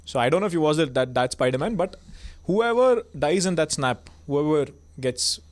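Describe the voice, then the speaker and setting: A man's voice: fairly high pitch, animated. Rambling young man. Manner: rambling, halting explanations with many restarts. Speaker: audition judge. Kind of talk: casual comedy chat.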